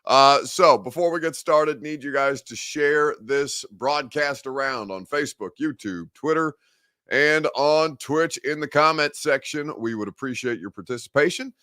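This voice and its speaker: A man's voice: fairly high pitch, a little slow, bright, forceful tone, no room sound. A man hosting a live sports talk show from a studio, chatting casually and answering viewer comments with wry humor.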